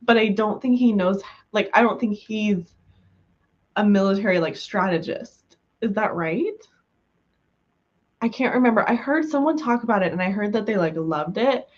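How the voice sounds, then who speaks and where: A woman livestream host from the US West Coast, her mid-range voice expressive at a moderate pace, chats giggly and casually with viewers, full of fillers, having just gotten over being sick. The high frequencies are cut off.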